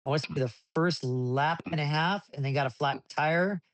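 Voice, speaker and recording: A man telling racing stories in a casual interview, rambling with many restarts and getting animated as he recounts events. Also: on the high side, normal speed, dry recording. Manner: rambling with frequent restarts, animated when retelling. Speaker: desert racing driver, podcast guest.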